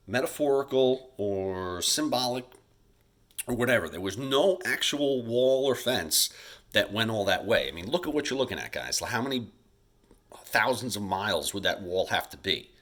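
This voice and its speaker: A male teacher giving a casual recorded history lecture over slides, chatty and loose, talking straight to his students and acting out leaders in quick bits. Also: lowish voice, lively intonation, fairly bright tone. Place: home, recording alone during school shutdown.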